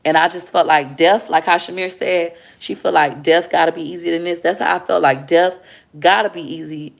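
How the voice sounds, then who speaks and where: A woman's voice: lowish voice, steady tone, normal speed, vocal fry. A woman, a mother livestreaming, telling a heartfelt personal story to her viewers. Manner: candid, heartfelt, addresses viewers as y'all.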